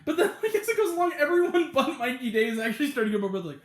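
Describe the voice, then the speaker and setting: A man's voice: very high-pitched, expressive, racing, hardly any pauses. A man giving a casual, rambling spoken review of a comedy show, full of fillers and laughter, acting out quoted lines in other voices. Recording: echoey room.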